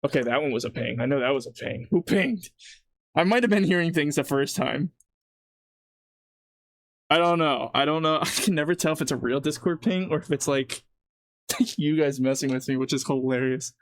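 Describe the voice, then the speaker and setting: A man's voice: a little high, moderate pace, no room sound. A man livestreaming while he cooks at home, rambling casually and laughing at his own jokes. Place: home kitchen.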